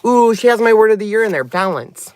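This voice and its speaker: A man hosting a crafting channel, chatting excitably and breaking into giggles while opening gifts in his car. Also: high-pitched, brisk, no room sound. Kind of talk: casual unboxing vlog. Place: inside a parked car.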